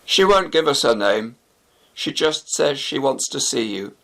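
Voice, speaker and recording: Man as a formal police officer, slow and grave. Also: mid-range voice, big pitch swings, creaky, fairly bright tone, heavily acted.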